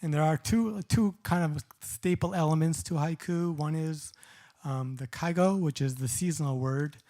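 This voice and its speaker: A middle-aged man giving a poetry reading at a live event, reading short poems and explaining them in a casual, halting way. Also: on the high side, warm tone. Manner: halting, many restarts and fillers when explaining.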